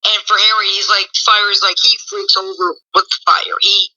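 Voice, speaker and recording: Very bright woman, rambling with "like" fillers. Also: mid-range voice, steady tone, moderate pace. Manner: rambling, heavy use of "like" fillers. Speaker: guest. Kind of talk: casual chat. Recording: dull lo-fi audio.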